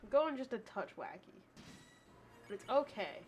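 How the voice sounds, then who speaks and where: A woman's voice: a little high, very animated, normal speed. A woman streamer commentating her own gameplay live, talking to herself, swearing and venting in frustration. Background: faint game music.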